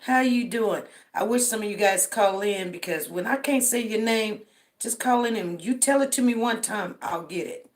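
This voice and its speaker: A woman's voice: medium pitch, moderate pace. A middle-aged woman from Denver, tired, hosting a casual livestream and greeting viewers by name. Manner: greets viewers by name, drawls friendly shout-outs. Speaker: livestream host. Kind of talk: casual livestream roll call.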